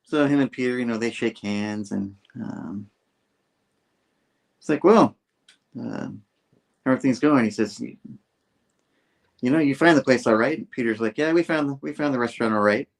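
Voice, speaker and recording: A man's voice: medium pitch, moderate pace, vocal fry, long pauses. A man casually retelling a comic book scene by scene, acting out the characters' lines in loose voices. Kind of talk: casual chat.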